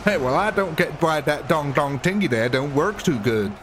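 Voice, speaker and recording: A man's voice: on the high side, expressive, background noise, natural voice. Man putting on a drawling Southern country guy. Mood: puzzled. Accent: put-on US Southern drawl. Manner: slow drawling delivery.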